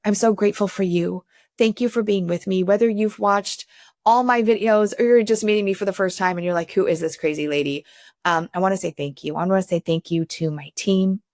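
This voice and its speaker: A woman's voice: medium pitch, a little mellow, no echo, clean studio sound. A woman in her fifties hosting her own show, speaking to camera without a script in an effusive, enthusiastic and grateful way, with conversational restarts. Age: 50s. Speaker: show host. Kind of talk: unscripted talk to camera.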